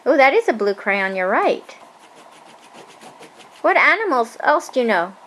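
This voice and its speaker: A woman's voice: fairly high pitch, sing-song, a little slow, fairly bright tone, slight background noise, rough recording. A woman talking playfully with a toddler in a home video, encouraging and sing-song. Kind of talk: home video, coaxing a small child.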